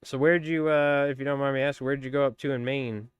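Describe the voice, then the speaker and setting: A man's voice: medium pitch, steady tone, fast talker, smooth, dry recording, highs cut off. A man hosting a fly tying live stream, chatting casually and rambling with viewers as he works. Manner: rambling, chatty, many fillers.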